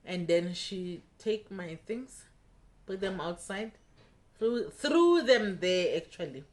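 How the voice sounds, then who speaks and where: Young woman telling a story, slow and low, plays out what everyone said. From South Africa. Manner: animated retelling, acting out quoted dialogue. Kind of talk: casual storytime vlog.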